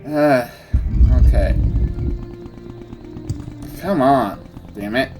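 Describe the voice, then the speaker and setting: A man's voice: mid-range voice, animated, normal speed, long pauses, a little mellow, faint music behind. A man giving casual gameplay commentary, muttering to himself and bursting into cursing rants. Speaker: gamer playing a role-playing game.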